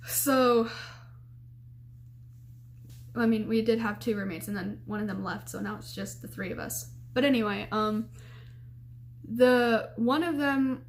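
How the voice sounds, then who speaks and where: Looking straight into the camera, a young woman tells a story in a chatty, animated storytime vlog. Her voice is a little high, and she repeatedly restarts sentences and fills pauses with "like" and "um".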